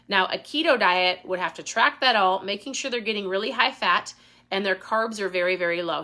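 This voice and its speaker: A woman's voice: a little high, sharp tone. A woman hosting a casual live Q&A, talking with intensity and getting worked up. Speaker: host.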